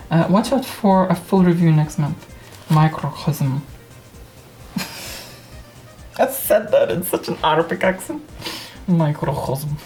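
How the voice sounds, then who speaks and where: A woman's voice: mid-range voice, a little mellow. A woman YouTuber chatting casually as she flips through an old magazine, reading bits aloud, giggling often and swearing in mock anger. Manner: giggly, mock-cursing, reads aloud and reacts. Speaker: retro computing YouTuber.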